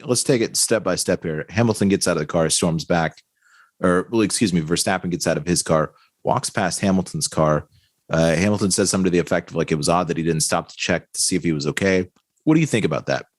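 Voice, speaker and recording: A man co-hosting a podcast in casual chat, relaxed and chatty, full of "dude" and "like". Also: deep voice, quick pace, dry recording. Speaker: podcast co-host.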